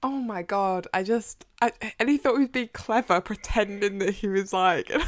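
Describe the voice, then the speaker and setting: A young woman co-hosting a podcast, chatting casually and excitably about a book, swearing freely and acting out her reactions. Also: medium pitch, normal speed, no echo, studio quality. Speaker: podcast co-host.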